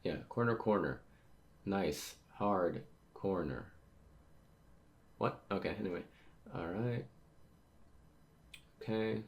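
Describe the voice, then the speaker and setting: A man with a deep, gravelly voice reads a comic chapter aloud in a loose, casual way. He reacts to the action and trips over words as he goes. His tone stays low, with a rough fry on the ends of his phrases. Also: expressive, takes it slowly, long pauses. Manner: reactive, stumbles over words while reading. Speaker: host reading manga aloud. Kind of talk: casual manga read-through with commentary.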